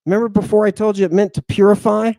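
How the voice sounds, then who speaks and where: A man's voice: high voice, flat delivery, fast, vocal fry, warm tone, no room sound. A man hosting a lecture-style show, emphatic and playful, who keeps checking in with the listener. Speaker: host.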